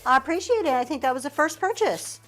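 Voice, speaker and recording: Middle-aged woman hosting a live auction stream, bright and higher voice, chatty and upbeat, faint music behind. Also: lively intonation, fast talker. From Pennsylvania. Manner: chatty, upbeat, thanks viewers often. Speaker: live-stream reseller host. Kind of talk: live auction selling chat.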